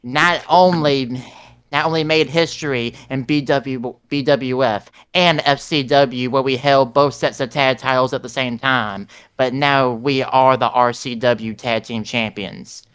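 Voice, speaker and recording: A man's voice: medium pitch, fairly even intonation, unhurried, a bit bright, clear, resonant tone, close to an everyday voice. A man playing a proud, sentimental veteran wrestler giving an earnest victory speech in a tabletop game. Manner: earnest in-character promo speech.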